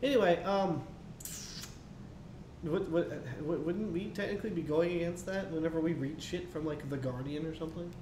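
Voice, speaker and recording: A high-pitched man co-hosting a casual news chat, breaking off from reading articles with offhand swearing. His voice echoes around the room. A faint rumble sits underneath. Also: normal speed. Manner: profane, offhand, reads in a mock posh voice. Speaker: co-host.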